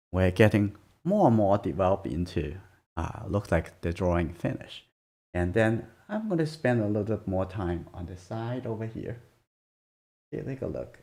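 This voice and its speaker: Man, drawing instructor, gravelly low voice, mellow tone, lively pitch, soft-spoken, halting. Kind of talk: live drawing demonstration.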